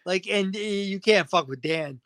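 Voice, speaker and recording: A man's voice: high-pitched, measured pace, fairly bright tone, no room sound. A man guest on a podcast interview, agitated and venting, swearing constantly. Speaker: fighter guest.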